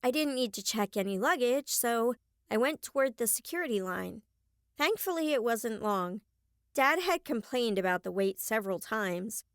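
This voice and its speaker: A woman narrating a first-person young adult novel as an audiobook, clear and expressive on a close mic. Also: a little high, moderate pace, no room sound.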